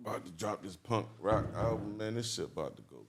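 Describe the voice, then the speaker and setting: A man with a deep, low voice talks as a podcast guest. He is laid-back and slangy, answering in short, easy bursts. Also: lively intonation, a little fast, background noise. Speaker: guest musician. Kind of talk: casual interview chat.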